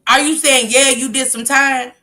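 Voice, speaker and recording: A woman hosts a casual livestream, reading out viewer comments and reacting with blunt, emphatic remarks. Her voice is pitched a little high and has a sharp, bright edge. She laughs often and swears freely. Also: fairly even intonation, moderate pace.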